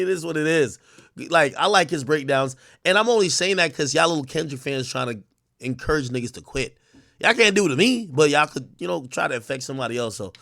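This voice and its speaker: Brash, lively male livestream host. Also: on the high side, vocal fry, dry recording, clean studio sound. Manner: profane, mocking, laughs often. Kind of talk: casual rant to a live chat.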